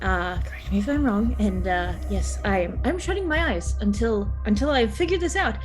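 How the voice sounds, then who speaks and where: A woman's voice: mid-range voice, animated, moderate pace, few pauses, soft background music. A woman playing a tabletop role-playing game in character, stammering and giggling in a flustered way. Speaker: player.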